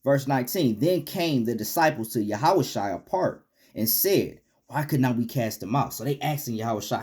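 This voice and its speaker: A man in a mid-range voice leads a Bible lesson in relaxed street slang, reading old scripture and then translating it for his listeners. His pitch rises and falls a lot, climbing sharply on rebukes and sinking on quiet asides, and "man" caps off nearly every phrase. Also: normal speed. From United States. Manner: animated, swings from loud rebukes to low asides. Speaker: Bible teacher.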